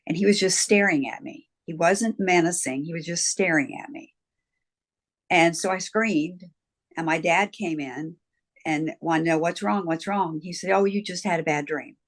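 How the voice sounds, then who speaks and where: Brief: older woman guest, reflective storyteller, slightly low pitch. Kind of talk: interview storytelling.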